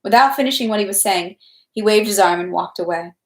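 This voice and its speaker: A woman reading a novel aloud at home, in a measured, unhurried way. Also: medium pitch. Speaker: audiobook reader. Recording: echoey room.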